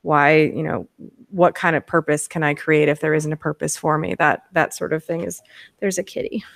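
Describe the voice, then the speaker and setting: A woman's voice: low-pitched, level tone, moderate pace, vocal fry. A woman speaking earnestly and encouragingly in a casual panel discussion.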